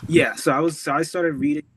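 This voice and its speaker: A man's voice: on the high side, very animated, measured pace, creaky, very noisy. A man being interviewed about his music, talking casually with lots of restarts, fillers and easy laughter. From United States. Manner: rambling, many restarts and fillers, laughs easily. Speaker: guest musician.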